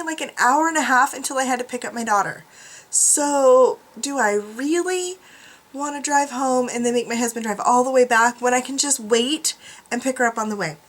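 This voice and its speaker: A woman's voice: high-pitched, a bit bright. Chatty, laughing woman vlogger. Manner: chatty, self-mocking, laughs often. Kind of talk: casual chat to camera. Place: room at home.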